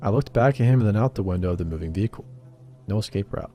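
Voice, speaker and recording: Male horror narrator, deep warm tone, wry and measured, soft music bed. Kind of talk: scripted first-person narration.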